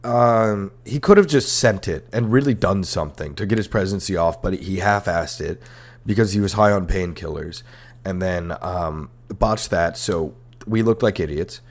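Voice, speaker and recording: A man's voice: low voice, normal speed. Sarcastic, profane young man podcaster. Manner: irreverent, profane, sarcastic, rambling with fillers. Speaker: comedy history podcast host. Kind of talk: casual comedic rant. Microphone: headphones and podcast mic.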